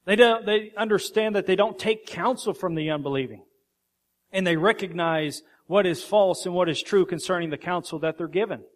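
An earnest male pastor delivering a sermon, his voice sitting a little higher than most men's. He reads verses slowly and with weight, leaning into key phrases. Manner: earnest preaching, reads scripture aloud with slow emphasis.

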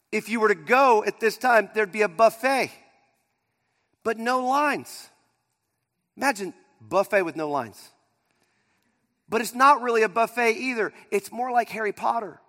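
A male pastor preaching a sermon, swinging between loud emphasis and near-quiet asides. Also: high-pitched. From Pittsburgh area. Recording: long hall reverb.

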